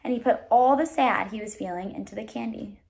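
Gravelly woman reading a storybook. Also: mid-range voice, fairly quick, darkish tone. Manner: explains words to listeners between passages. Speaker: reader. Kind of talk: reading a children's novel aloud.

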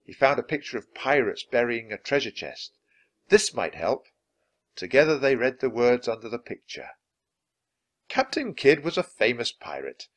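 A man reading a children's chapter book aloud in an expressive, animated way. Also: medium pitch, normal speed. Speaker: audiobook reader.

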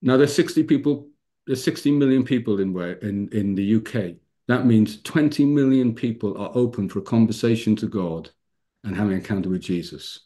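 Preacher in his fifties, animated storyteller, sermon over a video call. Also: fairly quick. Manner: animated storyteller, rising pitch for emphasis. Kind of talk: sermon with personal stories.

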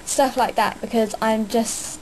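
A woman's voice: fairly high pitch, steady tone, measured pace, slight background noise, poor audio. Hyper, rambling young woman vlogging. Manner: hyper, rambling, many fillers. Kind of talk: casual vlog chat.

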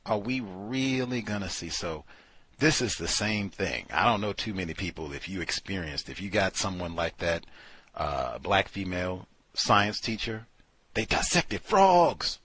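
A man's voice: sits low, unhurried, slightly rough, dry recording. A man hosting a talk show, giving casual, sardonic commentary full of asides. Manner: animated, sardonic, conversational with fillers. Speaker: radio show host.

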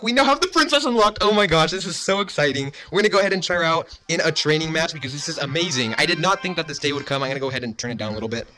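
A man's voice: on the high side, pushed and bright. A young man giving gushing, overexcited commentary while playing a mobile game. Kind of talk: excited gameplay commentary.

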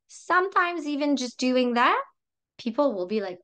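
A woman with a French accent, coaching listeners in a lively, chatty way and acting out sample phrases. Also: sits high, moderate pace. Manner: lively, chatty, repeats herself. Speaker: sales trainer. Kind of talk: coaching talk with role-played examples.

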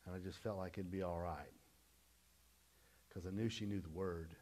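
Middle-aged man, pastor giving a sermon; lower voice, folksy testimony, dynamic swings. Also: fairly even intonation, moderate pace. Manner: folksy storytelling testimony, swings from loud to hushed.

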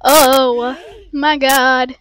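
A woman casually commentating her gameplay in an excitable, rambling way, full of playful slang, on a cheap home mic. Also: sits high, extremely slow, no echo. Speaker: gameplay streamer. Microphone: cheap desk mic.

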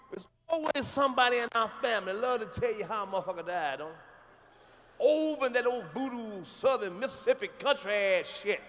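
Profane stand-up comedian on stage. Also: male voice, very high-pitched, fairly bright tone, slight background noise. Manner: profane, emphatic, conversational. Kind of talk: live stand-up routine. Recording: live stage show in a large hall. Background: audience laughter.

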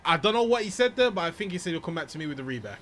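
Excitable young British man, lively pitch. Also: rapid-fire, slight background noise. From United Kingdom. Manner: excitable, jokey, laughs often. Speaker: flight sim streamer. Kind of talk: casual gaming commentary with radio calls.

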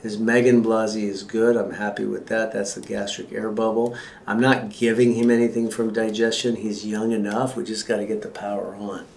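A man with a lowish voice explains x-ray findings to his patient in a relaxed, joking way. He sounds like a chiropractor at work in an exam room. The room is echoey, with faint noise behind him. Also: moderate pace, gravelly. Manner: casual, joking, talks as he shows.

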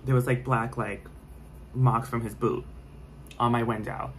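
A man's voice: mid-range voice, little pitch movement, measured pace, a bit bright, a little hiss or hum, poor audio. A young man telling a scary story in a casual vlog, rambling with lots of fillers and restarts.

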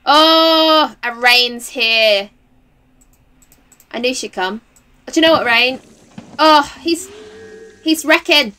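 A young woman talks over her gameplay in a loose, chatty way, reacting loudly and dropping slang as she goes. Her voice sits high for a woman, and her talk is excitable. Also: slow, long pauses, clean tone. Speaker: game streamer. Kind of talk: casual gameplay commentary.

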